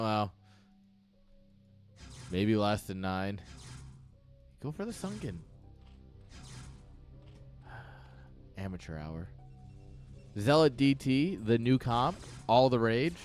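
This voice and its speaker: A man giving casual live commentary on a strategy game match, dry and sarcastic, rambling with lots of fillers. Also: fairly low pitch. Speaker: esports caster.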